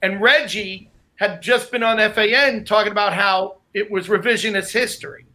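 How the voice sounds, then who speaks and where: A man, a comedian, telling animated anecdotes in casual chat, often laughing. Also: high-pitched, moderate pace.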